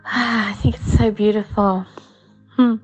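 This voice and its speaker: A woman's voice: mid-range voice, fairly even intonation, measured pace, slightly rough, soft background music. A middle-aged woman giving an informal, chatty home sermon in an earnest tone, often calling things amazing. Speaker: preacher.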